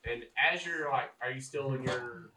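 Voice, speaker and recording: Rambling game master in an echoey room. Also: male voice, mid-range voice, normal speed, noisy background. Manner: casual, rambling, lots of fillers. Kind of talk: narrating a tabletop game. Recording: roomy echo, mic at a distance.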